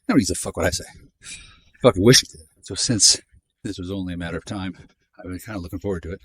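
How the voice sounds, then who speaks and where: Deep-voiced guy in his 50s rambling and swearing on a walk, dry close sound. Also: fast, pauses often, pushed and bright, no room sound. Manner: profane, jumpy, sardonic, pitch jumps up and down. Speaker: vlogger. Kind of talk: rambling monologue while walking. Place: outdoors in a neighborhood.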